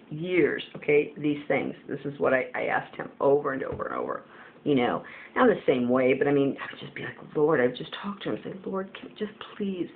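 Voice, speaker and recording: A woman giving a casual spiritual testimony, rambling and earnest with many fillers, as a Christian video blogger. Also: low-pitched. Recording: tinny phone-like audio with faint hiss.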